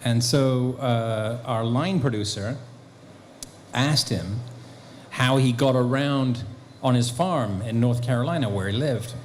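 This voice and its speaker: A man at a convention Q&A with a mid-range voice, spinning an animated story in an easy, conversational flow. Faint noise sits under his voice. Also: medium pitch, slow pace. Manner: animated storyteller, acting out quotes. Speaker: guest actor and author. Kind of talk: anecdotal convention Q&A. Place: convention hall.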